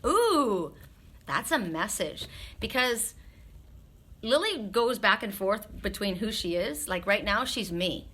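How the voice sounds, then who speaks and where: Bright-voiced, frank woman reader chatting. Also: mid-range voice, big pitch swings, slow pace, breathy edge. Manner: frank and chatty, swears freely, laughs often. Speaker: live-stream spiritual reader. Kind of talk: casual live-stream chat with viewers.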